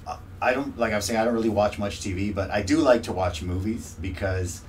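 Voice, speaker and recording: Low-voiced, animated male interview guest. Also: a little fast, a little hiss or hum. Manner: animated, laughing storyteller. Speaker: podcaster guest. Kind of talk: casual interview chat.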